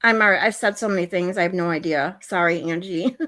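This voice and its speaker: Reacting to chat on a casual livestream, a woman grows exasperated and rants while reading out and responding to viewer comments. She has a lowish, sharp-toned voice and keeps a moderate pace.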